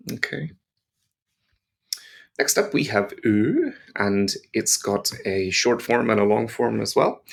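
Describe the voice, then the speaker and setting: A man with an Irish accent teaching a language lesson, patiently repeating example words slowly. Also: medium pitch, creaky. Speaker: German teacher.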